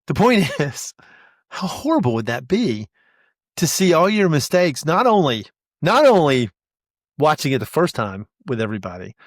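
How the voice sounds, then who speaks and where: A man's voice: on the high side, very animated, normal speed, no room sound, clean studio sound. Rambling, self-deprecating male podcast host. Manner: rambling, self-deprecating, frequent restarts and laughs. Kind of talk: casual monologue.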